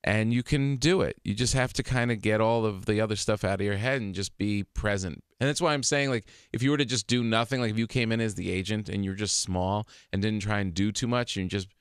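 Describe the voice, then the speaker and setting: Man, radio guest, casual chat, animated storyteller, smooth resonant voice, dry studio sound. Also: fairly low pitch, a little fast, few pauses, no echo. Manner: animated storytelling, laughs often. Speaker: comedian guest.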